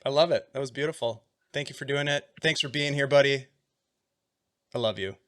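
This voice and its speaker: A man's voice: medium pitch, brisk. A man hosting and running a tabletop game stream, joking and effusive as he introduces the players. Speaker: game master and host.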